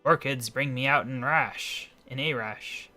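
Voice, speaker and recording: A man's voice: mid-range voice, a little slow, sharp tone, faint music behind. A man voicing a vain, grumpy king who complains a lot and gives in to his wife. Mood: grumbling. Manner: pompous, complaining.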